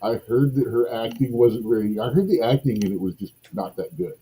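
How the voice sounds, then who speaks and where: A man's voice: medium pitch, fairly quick, dark tone, breathy edge, rough recording. A man co-hosting a casual podcast, correcting his partner in a dry, matter-of-fact way. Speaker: podcast co-host. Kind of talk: casual chat.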